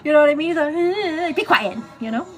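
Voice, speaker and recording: Faint music plays behind a woman whose high, animated voice moves at a moderate pace as she hosts a casual get-ready livestream in the morning. Chatty and laughing often, she calls her viewers "girl," teasing at first and later getting earnest.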